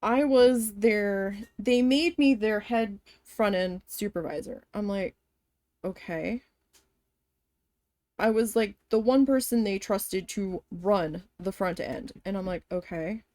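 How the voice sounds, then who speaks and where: A woman's voice: mid-range voice, slow, no echo. A woman telling a story casually as she vents about an old job, swearing and acting out what people said. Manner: venting, animated, swears, acts out quoted voices. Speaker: vlogger. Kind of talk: casual storytime while embroidering.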